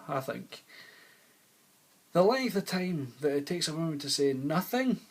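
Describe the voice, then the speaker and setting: A male comedian with a high, lively voice. He tells a rambling domestic story, cursing often, and his voice leaps up and down as he gets worked up. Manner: swearing, animated storytelling with sudden loud bursts. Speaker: stand-up comedian. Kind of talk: comic storytelling.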